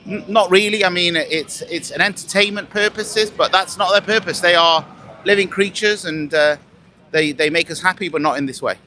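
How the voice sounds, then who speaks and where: A man from England with an English accent, answering a street interviewer in a halting way with many restarts. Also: high voice, bright, forceful tone, a little hiss or hum. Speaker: interviewee, tourist. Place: outdoors on a city street by a park.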